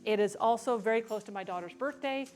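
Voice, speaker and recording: A woman's voice: a little high, fairly quick, a little mellow, soft background music. A woman hosting a cooking livestream, chatting casually while she cooks and reads viewer questions aloud, playful and self-mocking.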